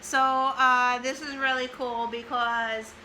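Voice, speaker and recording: A woman in her forties, a mother, reading a list from an old notebook aloud in a casual vlog, tearful and pausing to compose herself. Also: high-pitched, level tone, bright, forceful tone, a little hiss or hum, rough recording. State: crying.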